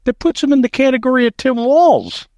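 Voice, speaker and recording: A man's voice: very high voice, very animated, a little fast, darkish tone, dry recording. Man, American, talk radio host, emphatic, indignant, dry close sound. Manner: emphatic, indignant, repeats words when heated. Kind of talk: political talk radio commentary.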